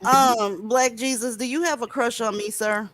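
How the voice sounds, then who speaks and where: A woman's voice: steady tone, normal speed, over a noisy crowd. A woman hosting a casual group chat, talking in a brash, mocking way. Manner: brash, mocking, with big swings up in pitch.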